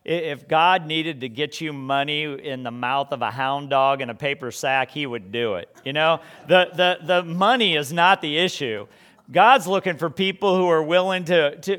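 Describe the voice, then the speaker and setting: Man, preacher, sermon, rhetorical questions, frequent restarts, slightly higher pitch. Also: a bit bright.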